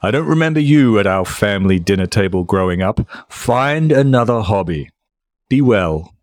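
A lowish, pretentious voice delivers ponderous put-downs with stiff-upper-lip dignity, as a man puts on a pompous Englishman. The sound is dry and close. Every phrase drips with offended superiority. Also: lively intonation, normal speed, dry recording, lightly acted. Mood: condescending. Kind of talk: dramatic reading of online exchange.

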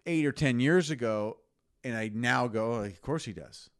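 A man who once played college football, guesting on a casual sports podcast over wine and giving his opinions with quick interjections. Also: mid-range voice.

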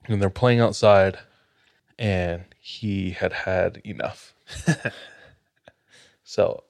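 A man hosting a podcast spins a spooky tale in a measured, dramatic way. His voice sits very low and he takes his time. The recording is close and dry. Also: steady tone, vocal fry, dry recording. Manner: measured, dramatic storytelling with light laughs. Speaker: podcast host. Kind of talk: telling a spooky story on a podcast.

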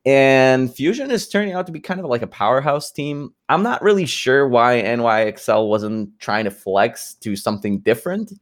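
A man co-hosting an esports talk show, giving loose casual analysis with fillers and quick asides. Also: medium pitch, lively intonation. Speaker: esports podcast co-host. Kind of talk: casual chat.

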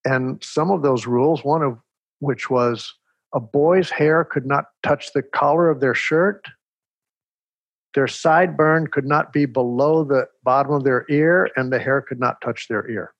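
Older man, from Texas, husky, reflective storyteller, dry recording. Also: medium pitch, no room sound, lo-fi sound. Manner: measured, reflective, animated storyteller. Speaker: interview guest. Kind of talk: storytelling in conversation.

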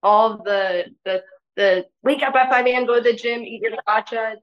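A woman as a podcast guest, talking in a gentle, rambling casual way, full of "like" fillers. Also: on the high side, normal speed, muffled recording. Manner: rambling, filler-heavy with frequent "like"; soft, gentle delivery. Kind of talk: casual interview conversation.

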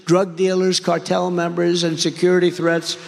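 A man's voice: sits high, completely flat delivery, normal speed, creaky, a little hiss or hum. A man giving a campaign rally speech, rambling and repetitive, with heavy emphasis. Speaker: political candidate at a rally. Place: large rally venue. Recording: long hall reverb.

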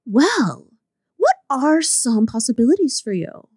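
Pretentious coaxing saleswoman, higher and prim, as a woman puts her on. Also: big pitch swings, takes it slowly, darkish tone, husky, dry recording, clean studio sound, full character voice.

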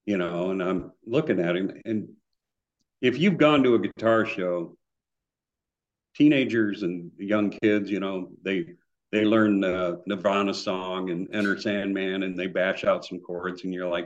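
Low-voiced man, dull lo-fi audio. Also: unhurried. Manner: animated anecdotes with acted-out quotes. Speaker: guitar builder guest. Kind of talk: casual storytelling.

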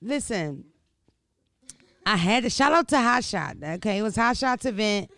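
Loud, profane, and animated, a brash woman tells stories in casual conversation with a gravelly, raspy voice. She speaks at a measured pace and medium pitch, captured in a dry, close recording with no surrounding room.

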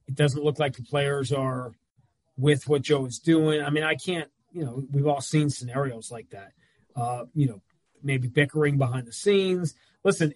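A man talking basketball in casual chat as a regular analyst, telling stories with quick asides. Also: a little high, no room sound.

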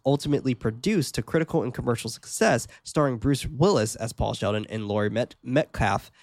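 A man co-hosting a laid-back movie podcast, reading trivia aloud with easy enthusiasm. His voice sits at an ordinary middle pitch, and he swears casually. The sound is close and dry. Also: a little fast, dry recording. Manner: relaxed, swears freely, reads out movie trivia. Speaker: podcast co-host.

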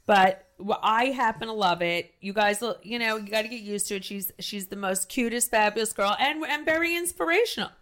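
A woman with a New Jersey accent hosting a podcast, talking loudly and effusively, with emphatic stresses and frequent restarts. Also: on the high side, a little fast, hardly any pauses. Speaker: podcast host. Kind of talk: casual podcast chat.

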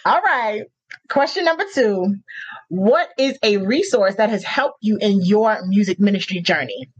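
A woman's voice: mid-range voice, animated, unhurried, slightly rough. A woman hosting a podcast interview, effusive and gushing in casual chat. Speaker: podcast host. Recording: muffled lo-fi audio.

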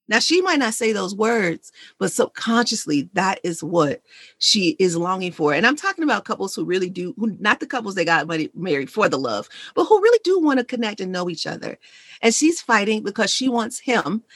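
A woman guest and money coach in a conversational interview, telling stories in an animated, emphatic way. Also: medium pitch, normal speed, breathy edge, dry recording.

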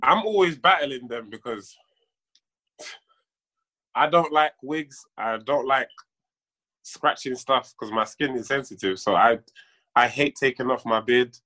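A man's voice: medium pitch, a little slow, pauses often, pushed and bright. A man, a sketch comedy actor chatting as a podcast guest, joking and mocking himself. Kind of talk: casual podcast chat.

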